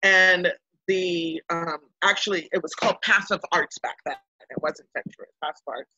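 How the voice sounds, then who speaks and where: A woman's voice: lowish voice, moderate pace, no echo, muffled recording. A woman from Baltimore, a guest in a casual interview, telling a story animatedly and acting out what people said. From Baltimore, United States. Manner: animated storyteller who acts out quotes.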